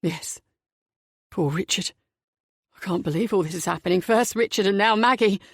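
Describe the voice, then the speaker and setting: A woman's voice: mid-range voice, breathy edge, no echo. A woman voicing a nervous, flustered young male company director who keeps apologizing, in a dry close audiobook recording. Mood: distraught. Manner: apologetic, shaken and hurried.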